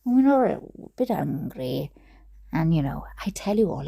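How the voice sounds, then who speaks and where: Slow, chatty Welsh woman reading aloud. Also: medium pitch, expressive, gravelly, dark tone. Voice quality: giggly, chatty, breaks off to comment. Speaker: reader.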